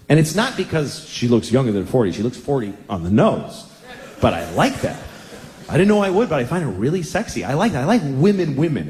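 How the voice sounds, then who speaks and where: A man's voice: mid-range voice, darkish tone, big-room sound. A man in his forties doing a stand-up routine, crude, rambling and self-deprecating. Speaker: stand-up comedian.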